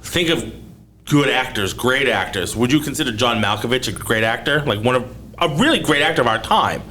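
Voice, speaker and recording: A man's voice: mid-range voice, animated, fairly quick, pushed and bright, slight background noise. A man hosting a casual movie talk, blunt and profane, pushing his opinions hard. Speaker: podcast host. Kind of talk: casual chat.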